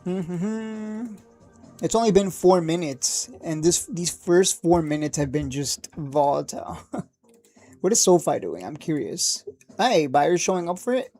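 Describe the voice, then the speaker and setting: A man hosting a stock trading livestream, talking casually and excitably, rambling, cursing now and then, and laughing at his own jokes. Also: fairly high pitch, unhurried, faint music behind. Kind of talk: live market commentary.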